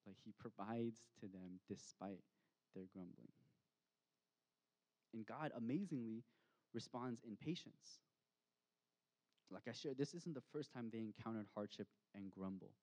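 A man delivering a sermon from the pulpit, his voice sitting low and warm. He speaks reflectively and reads scripture with slow, weighty pauses. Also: expressive. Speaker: pastor.

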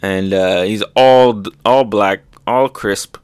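Young man, excitable comic reactor, unhurried delivery, dry close mic, laughs and sound effects. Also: fairly low pitch, clean tone, dry recording.

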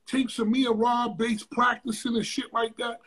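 A man guest in an interview, telling a story in a casual, profane, animated way with sudden loud bursts. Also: extremely high pitch, normal speed, slightly rough.

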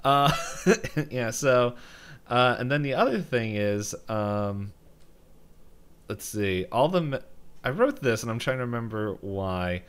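Male co-host, casual and giggly, average-pitched, loose easy delivery. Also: lively intonation, slow pace, a bit bright, clear, resonant tone. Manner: chatty, laughs often, many fillers. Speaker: podcast co-host reviewing a movie. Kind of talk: casual chat.

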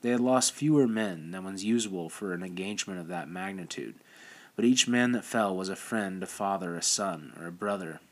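A man reads a novel aloud in a steady, measured way, sometimes restarting a word. His voice sits on the low side. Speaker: audiobook narrator. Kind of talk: scripted narration.

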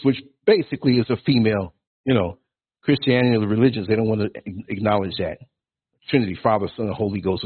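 On a tinny, phone-like line, a man in his sixties hosts a podcast, his high, slightly rough voice launching into a blunt, provocative, preachy ranting monologue.

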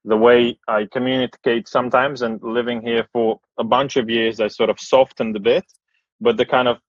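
A man from post-Soviet Europe, hosting a casual podcast chat in a blunt, relaxed way and swearing freely. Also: mid-range voice, moderate pace, no room sound. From post-Soviet Eastern Europe. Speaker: podcast host. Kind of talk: casual conversation. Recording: slightly dull, dry sound.

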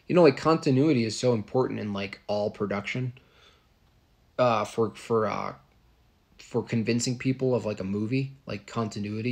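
A man's voice: medium pitch, creaky. A man in a casual, ranting monologue, scornful and rambling, full of fillers.

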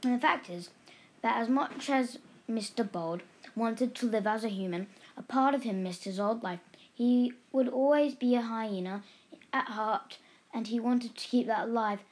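A woman's voice: a little high, moderate pace, low-quality recording. Woman storyteller reading a children's book, chatty. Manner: chatty asides to the listener.

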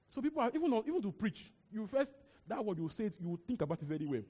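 A young man with a Nigerian accent preaching a sermon, talking in an animated, conversational way with repeated words and asides. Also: sits high, rapid-fire, slightly rough. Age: young adult. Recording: long hall reverb.

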